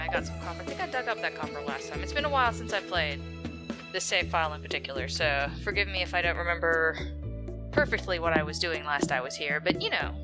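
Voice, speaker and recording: A chatty young woman narrates her gameplay, rambling and poking fun at herself. Her voice sits slightly low, and gentle game music runs underneath. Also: poor audio. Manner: chatty, rambling, self-deprecating. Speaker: let's play gamer. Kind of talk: casual gaming commentary.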